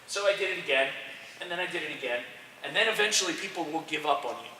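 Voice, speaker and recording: A male soccer coach lectures a group of young athletes in a bright, forceful voice, pitched a little high. He talks directly and keeps checking in with the room. He is picked up from a distance in a large echoing room with faint background noise. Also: fast talker. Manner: energetic, direct, addresses group with frequent "okay". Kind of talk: motivational talk to young athletes. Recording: roomy echo, distant mic, faint noise.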